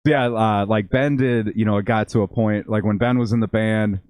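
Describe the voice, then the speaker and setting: A man's voice: on the low side, fairly even intonation, normal speed, a little mellow, clear, resonant tone, no room sound. A man, a podcast guest, chatting casually and rambling through old band stories with lots of fillers. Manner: rambling, filler-heavy storytelling. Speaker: podcast guest, former bandmate. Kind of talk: casual chat.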